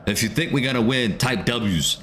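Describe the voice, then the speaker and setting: A man's voice: medium pitch, moderate pace, a bit bright, slight background noise. A man streaming a live match watchalong, calling the play and urging his chat, repeating phrases over and over. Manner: repeats phrases, urges chat, erupts when a goal goes in.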